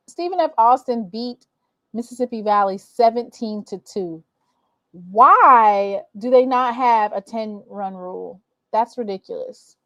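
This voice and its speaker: A woman's voice: medium pitch, fairly bright tone, no room sound, muffled recording. A woman hosting a casual sports recap stream, talking to viewers as y'all and reacting to scores with exasperation. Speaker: sports show host.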